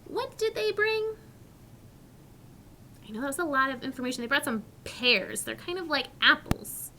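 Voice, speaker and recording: A woman teacher reading a story to young children, asking questions and modelling sounds slowly and clearly. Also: high voice, expressive, sharp tone, slight background noise. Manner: slow, clearly articulated, questioning.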